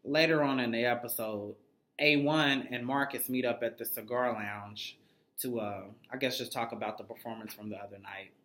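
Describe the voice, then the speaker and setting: A man's voice: medium pitch, fairly even intonation, normal speed, fairly bright tone. Brief: sassy profane male recap vlogger, roomy. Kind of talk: casual gossip recap. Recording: roomy echo.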